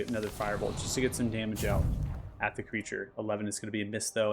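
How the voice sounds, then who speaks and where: A man acting as game master, calmly narrating the action and explaining rules step by step. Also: lowish voice, creaky. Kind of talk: narrating and ruling a tabletop game.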